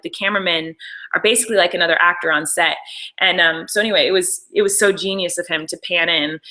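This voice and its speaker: Chatty young woman on a livestream, bright clear voice, gushes and says sorry a lot. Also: medium pitch, rough recording. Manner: chatty, gushing, apologetic asides. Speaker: show creator and host. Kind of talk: casual live-stream commentary.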